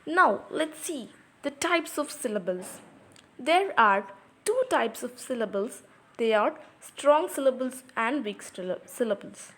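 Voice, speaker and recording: A woman's voice: a little high, lively intonation, measured pace, a bit bright. A woman teaching a lesson on poetry, explaining patiently and repeating example words aloud, in English with non-native grammar.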